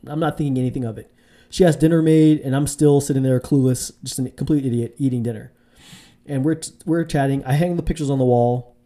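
A man's voice: steady tone, fairly quick, mellow. A man casually telling a dating story to camera, rambling with fillers and restarts. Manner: rambling, full of fillers and restarts, mimics women in a high voice. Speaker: vlogger giving dating advice.

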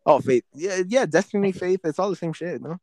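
A young man hosting a podcast, talking casually in a halting, rambling way, often searching for words. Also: sits high, a little mellow, no room sound. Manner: rambling, halting, many fillers and restarts. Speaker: podcast host. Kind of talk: casual chat.

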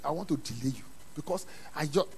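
A man preaching a sermon in a church, dropping to quiet asides and then rising to loud, emphatic calls. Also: a little high, animated, fast, vocal fry, breathy edge. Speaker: pastor.

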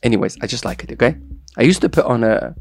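Guy hosting a radio show, jokey and playful, repeats his catchphrases, mid pitch. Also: animated, quick pace, vocal fry, breathy edge. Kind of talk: casual radio chat.

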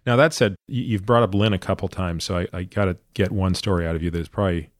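Low-voiced man hosting a relaxed chat. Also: fast, dry recording, clean studio sound. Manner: reflective, loose, lots of "like" and "you know". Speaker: podcast host. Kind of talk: casual interview chat.

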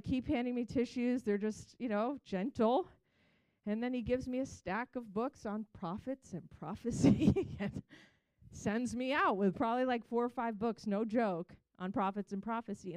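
A woman's voice: medium pitch, darkish tone, no room sound, low-quality recording. A woman sharing a candid personal testimony, telling her story with frequent restarts and acting out the quotes.

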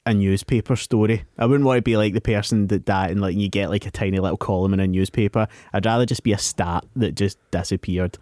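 A man's voice: on the low side, steady tone, quick pace, few pauses, darkish tone, no echo, studio quality. A young man co-hosting a podcast, musing in a self-deprecating, casual way. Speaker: podcast co-host. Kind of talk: casual chat.

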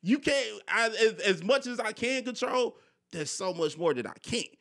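A man's voice: high voice, lively intonation, moderate pace, creaky, fairly bright tone. A young man hosting a podcast, telling personal stories candidly in casual slang with frequent swearing. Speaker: podcast host. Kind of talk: casual conversation.

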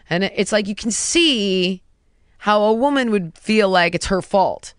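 A woman in her thirties telling a personal story in casual conversation, animated and emphatic, stringing rhetorical questions and dropping to a hush for quoted words. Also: mid-range voice, a little slow, clear, resonant tone, no room sound, clean studio sound.

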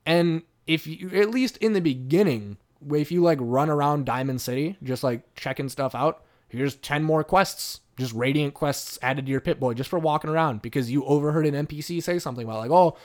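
Male podcast host; casual, animated, profane, rambling delivery. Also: fairly high pitch, brisk, few pauses. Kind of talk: casual chat.

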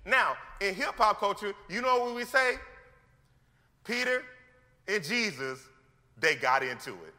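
A male pastor preaching a sermon in an animated, slangy way, acting out scripture scenes as he goes. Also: high-pitched, measured pace, long pauses. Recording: long hall reverb.

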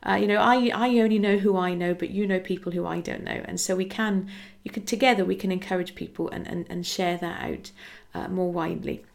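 A woman's voice: fairly low pitch, steady tone, brisk, vocal fry. A woman hosting a devotional podcast, talking in an earnest, encouraging way and acting out little conversations as she goes. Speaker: podcast host. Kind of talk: casual devotional podcast talk.

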